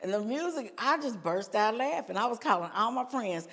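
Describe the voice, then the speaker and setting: A woman's voice: a little high, expressive, moderate pace, few pauses, a bit bright, in a large hall. A woman from the United States, a gospel singer, telling her life story as a podcast guest and often repeating phrases for emphasis. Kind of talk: casual storytelling in an interview.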